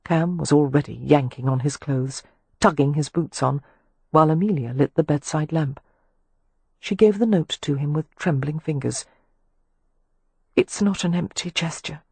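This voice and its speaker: A woman narrating an audiobook in a measured, even manner. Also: deep voice, creaky, husky, no echo. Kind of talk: scripted narration of a historical romance.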